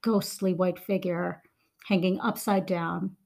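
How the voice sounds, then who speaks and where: A woman's voice: on the low side, flat delivery, slow, vocal fry, darkish tone. Woman telling a story with many ums. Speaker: podcast co-host. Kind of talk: casual chat.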